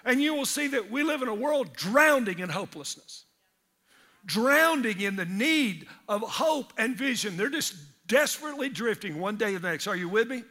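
A male pastor, preaching energetically in church and breaking into shouted asides. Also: extremely high pitch, lively intonation, normal speed. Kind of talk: sermon.

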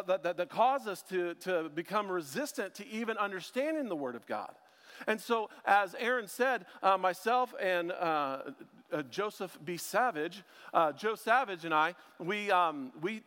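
A man's voice: sits high, fairly bright tone. A man preaching a casual conversational sermon, chatty and joking, with self-deprecating asides as a ministry school teacher. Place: church sanctuary. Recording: long hall reverb.

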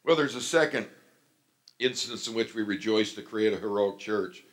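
Animated middle-aged male pastor preaching. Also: fairly low pitch, moderate pace. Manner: animated storytelling, acts out quoted voices. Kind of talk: sermon.

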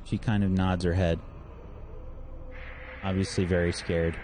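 A man's voice: low-pitched, little pitch movement, unhurried, a little mellow, slight background noise. A man narrating a tabletop game as game master, in a loose, hedging way.

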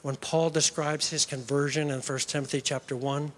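A male preacher with a high, bright voice delivers an animated, story-driven sermon. His delivery swings between lively and hushed. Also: moderate pace, slight background noise.

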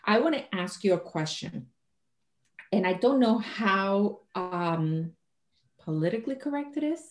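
A Puerto Rican woman hosting a podcast, telling stories in an animated, emotional way. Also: medium pitch, measured pace, reverberant. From Puerto Rico. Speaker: podcast host. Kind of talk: casual interview talk.

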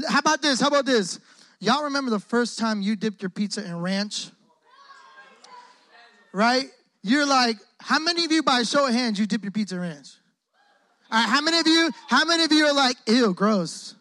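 A young man preaching a lively call-and-response sermon in a church hall, joking often and using lots of casual slang. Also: very high-pitched. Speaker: guest preacher. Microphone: close microphone on the speaker.

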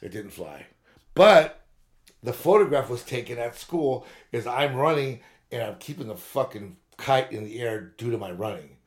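A man's voice: medium pitch, lively intonation, moderate pace. A man in his fifties on a podcast, telling long, rambling, profane stories in casual chat. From Southern California. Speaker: podcast co-host.

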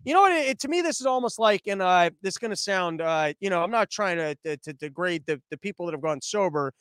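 A man's voice: high-pitched, expressive, quick pace, fairly bright tone, clear, resonant tone, no room sound. A man comedian giving a rambling, sarcastic monologue with lots of fillers, recorded in his living room. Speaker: comedian hosting daily briefings. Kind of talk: casual comic monologue.

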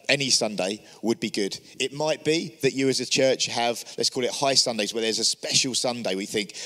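Man, mid pitch, earnest church teaching with rhetorical questions, long reverb. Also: a bit bright. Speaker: church leader. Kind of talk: teaching talk on inviting people to church.

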